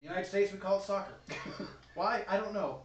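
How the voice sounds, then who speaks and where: A man's voice: high voice, fairly quick, slight background noise. Easygoing laughing man, roomy distant sound. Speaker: homebrewing show co-host. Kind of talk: casual livestream chat.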